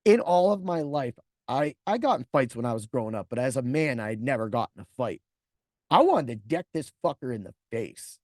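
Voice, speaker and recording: A man's voice: medium pitch, very animated, brisk, darkish tone, no room sound, studio quality. A man in his forties hosting a podcast, telling a personal story in a blunt, profane way and acting out other people's lines. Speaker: podcast host.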